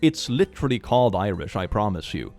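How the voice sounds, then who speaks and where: A man hosting a comedic reaction show, sarcastic and quick to laugh. His pitch bounces around a lot, with faint music playing underneath. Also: big pitch swings, darkish tone. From Sweden. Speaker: YouTube host.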